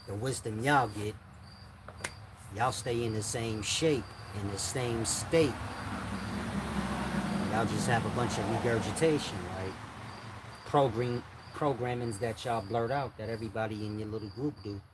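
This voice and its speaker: A man's voice: lowish voice, measured pace, pauses often. An older man, speaking bluntly in street slang to his viewers in a casual monologue. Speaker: channel host giving advice. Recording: faint insect and cricket noise. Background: crickets and insects faintly.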